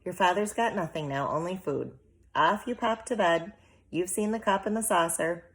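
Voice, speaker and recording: A woman's voice: fairly low pitch, moderate pace, pitched above the performer's own voice, natural voice. A woman doing Homily, a fretful tiny mother. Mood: brisk. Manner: fussing, tearful, scolding. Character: fretful, anxious tiny mother, middle-aged. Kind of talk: audiobook character reading.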